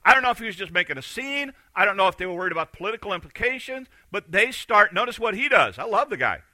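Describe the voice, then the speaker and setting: A man preaching a sermon, telling a story with animated delivery and acting out the voices of the people in it. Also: high-pitched, fast talker, no echo, poor audio. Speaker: pastor.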